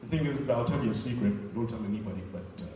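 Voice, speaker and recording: A man's voice: medium pitch, rapid-fire, mellow. Young guy doing rambly stand-up, mic kinda far off, echoey room w/ faint hum. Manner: rambling, self-deprecating asides. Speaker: stand-up comedian. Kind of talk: stand-up set. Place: comedy club stage. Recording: echoey club heard from far off.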